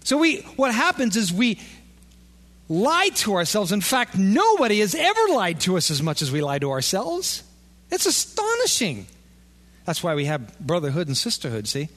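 Lively man preaching in an echoing hall. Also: high-pitched, normal speed. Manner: animated, acts out imagined dialogue. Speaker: pastor. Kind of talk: sermon. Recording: long echo of a large hall.

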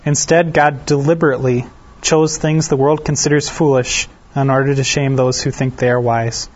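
A man teaching a Bible lesson in an easygoing, conversational way, moving between reading scripture and talking it through with the listeners. He asks them questions and pokes fun at himself. His voice sits at a middle pitch, and the recording sounds dull and lo-fi. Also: normal speed. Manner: reads scripture aloud, then explains it in a relaxed, self-deprecating way.

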